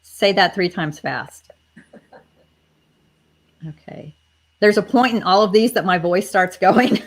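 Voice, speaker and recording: A woman's voice: mid-range voice, slow, pauses often. A woman hosting a live online stream, chatting casually and speaking directly to her viewers as she runs a giveaway. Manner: chatty, addresses viewers directly, spells things out. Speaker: livestream host running a giveaway.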